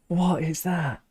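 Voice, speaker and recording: A man with a high-sitting, dark, husky voice hosts a live fan stream, chatting in a loose, thoughtful way. He reads viewer comments, often restarting his sentences and chuckling.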